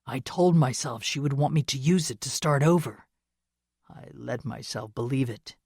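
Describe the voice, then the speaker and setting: A woman voicing a remorseful, guilt-ridden young man in an audiobook, speaking low, hushed and pained. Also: fairly even intonation, unhurried, creaky, breathy edge, dry recording, studio quality, heavily acted. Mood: anguished. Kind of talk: audiobook character reading.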